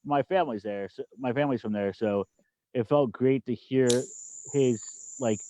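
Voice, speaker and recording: A man from the cigar industry speaking on a video call in a casual, reflective and unhurried way. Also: medium pitch, warm tone, no echo. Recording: dull video-call audio.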